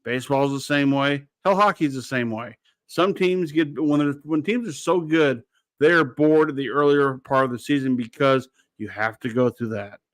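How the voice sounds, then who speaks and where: Blunt, rambling sports radio host. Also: male voice, mid-range voice, moderate pace, no echo. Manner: blunt, rambling, swears freely. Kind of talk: casual sports talk.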